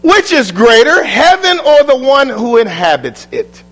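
A man preaching a sermon, emphatic, swinging from booming lines to quiet ones. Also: big pitch swings, unhurried.

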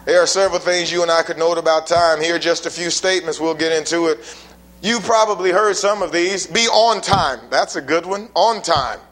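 A man's voice: a little high, fairly quick, fairly bright tone. A man preaching a sermon to a congregation in a church, emphatic and folksy, pressing his point with rhetorical questions. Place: church building before a congregation.

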